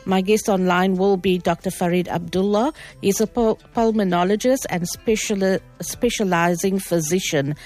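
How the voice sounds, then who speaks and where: A woman's voice: medium pitch, a little mellow. A South African woman hosting a radio talk show, friendly and chatty, presenting from the studio microphone. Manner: friendly, chatty, greets in several languages.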